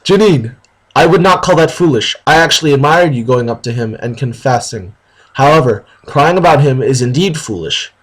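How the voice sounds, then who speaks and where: A man's voice: mid-range voice, animated, moderate pace, close to an everyday voice, rough recording. A man voicing a kind teenage boy who comforts a friend in a read-aloud story. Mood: comforting.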